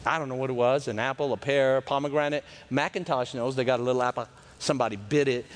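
A man preaching a lively sermon, swinging from shouts to hushed tones and acting out the voices in the story. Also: medium pitch, fast talker. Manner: animated, swings between loud and hushed, acts out voices.

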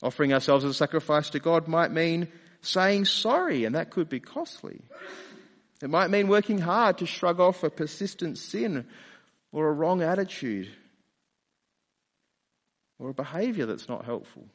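Preacher in a reverberant hall. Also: male voice, a little high, expressive, normal speed, pauses often. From Australia. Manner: conversational, asks rhetorical questions. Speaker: pastor. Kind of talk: sermon.

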